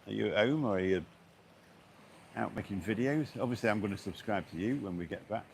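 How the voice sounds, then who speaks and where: A middle-aged man with a deep, low-pitched voice talks casually to his live-stream viewers. He rambles, restarts his sentences and fills gaps with ums. He is recorded on a phone outdoors, with a faint hiss of noise behind him. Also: brisk, gravelly. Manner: rambling, chatty, many fillers and restarts. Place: outdoors on a beach walk.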